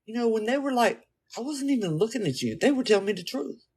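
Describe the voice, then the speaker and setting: Blunt, husky-voiced woman telling a story. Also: on the high side, quick pace. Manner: blunt, profane and animated. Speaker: vlogger. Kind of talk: casual storytelling monologue.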